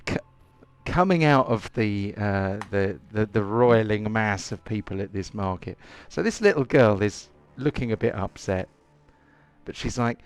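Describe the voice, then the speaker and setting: A man's voice: lowish voice, animated, a little slow, clear, resonant tone, faint music behind. A man running a tabletop game as game master, chatty and full of hesitant fillers. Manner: chatty, hesitant, lots of ums. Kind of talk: casual tabletop game narration.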